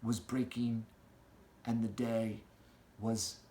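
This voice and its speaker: A man's voice: fairly low pitch, takes it slowly, reverberant, a little hiss or hum. Man reading a storybook aloud. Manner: expressive, storytelling delivery. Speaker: audiobook reader.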